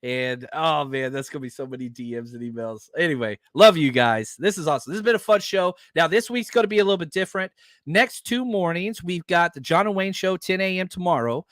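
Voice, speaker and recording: Podcast host, man, higher voice, heated profane rants, dry close sound. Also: lively intonation, brisk, fairly bright tone, no echo. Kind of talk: casual sports podcast talk.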